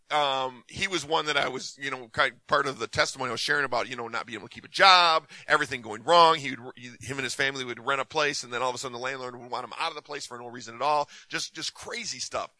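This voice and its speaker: A man's voice: mid-range voice, fast talker, pushed and bright, no echo, low-quality recording. A man preaching in a conversational way, telling stories and often repeating his words. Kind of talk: sermon with personal storytelling.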